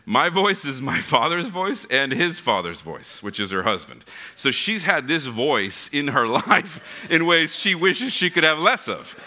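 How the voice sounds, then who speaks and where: A young man preaching with great animation, slipping into the voices of people in his stories. His voice is very bright and a little high, and its pitch swings widely from line to line. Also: unhurried. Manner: animated, acts out voices in anecdotes. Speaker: pastor. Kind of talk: sermon with humorous stories.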